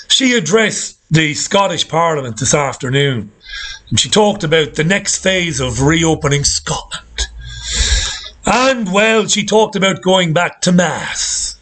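Indignant ranting male host, high lively voice. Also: measured pace. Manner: sarcastic, indignant. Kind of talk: ranting commentary.

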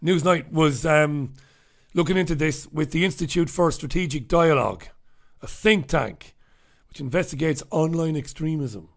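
A man's voice: on the high side, moderate pace. A man hosting his own show, chatting casually and sardonically through viewer comments, profane and rambling. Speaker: host of his own radio show and livestream. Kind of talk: casual livestream chat reading viewer comments.

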